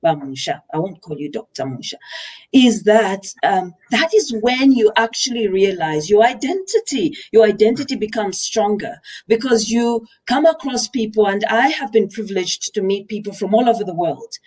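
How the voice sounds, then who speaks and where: Woman, from Zambia, middle-aged, interview guest, reflective, measured, mid-pitched voice. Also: animated, a little mellow, breathy edge. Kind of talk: conversational interview.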